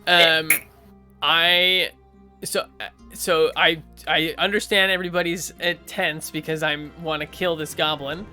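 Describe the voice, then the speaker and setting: Guy playing a tabletop game, bright crisp voice, keeps tripping over names. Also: fairly high pitch, steady tone, measured pace, faint music behind. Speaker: player. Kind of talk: tabletop game role-play.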